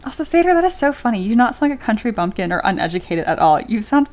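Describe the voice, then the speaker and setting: A woman's voice: a little high, sing-song, racing, a little mellow, soft background music. A young adult woman livestreaming while she sculpts, chatting casually and giggling as she reads viewer comments aloud. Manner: chatty and giggly, with frequent fillers.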